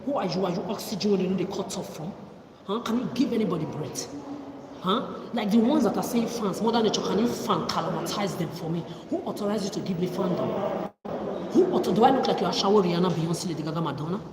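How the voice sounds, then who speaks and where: A woman delivers a confrontational livestream rant, full of accusing rhetorical questions, in a fairly low voice. She sounds far from the mic in an echoey room with a long reverb tail, and steady background noise sits clearly under her. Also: quick pace. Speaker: livestream host. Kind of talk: ranting livestream monologue.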